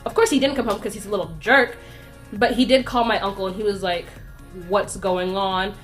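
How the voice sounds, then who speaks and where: A young woman vlogger casually telling a story, chatty and animated, acting out the lines of the people in it. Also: medium pitch, fast talker. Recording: faint music playing behind.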